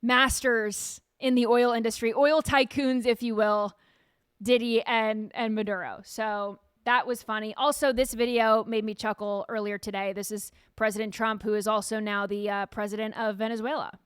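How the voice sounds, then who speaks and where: A woman hosting a casual news commentary show, animated and sarcastic, firing off rhetorical questions. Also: a little high, normal speed, smooth, dry recording, studio quality. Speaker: show host.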